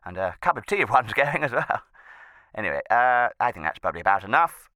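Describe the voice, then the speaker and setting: A man's voice: medium pitch, very animated, a little fast, bright, forceful tone, no room sound. A man playing a flustered old judge. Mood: rambling. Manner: rambling, fussy and hesitant, with many false starts. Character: flustered posh retired male judge in his seventies. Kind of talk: comic phone message monologue.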